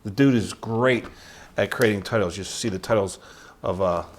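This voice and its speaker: A man's voice: lowish voice, moderate pace. A man hosting a podcast interview, talking in a casual, enthusiastic, chatty way with plenty of fillers. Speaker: podcast host.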